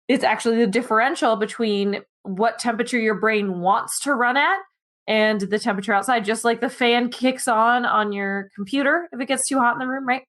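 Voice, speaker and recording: A woman's voice: fairly high pitch, a bit bright. A woman co-hosting a casual science podcast, explaining a study in a chatty way with asides, while sleepy and yawning. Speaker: podcast co-host presenting animal news.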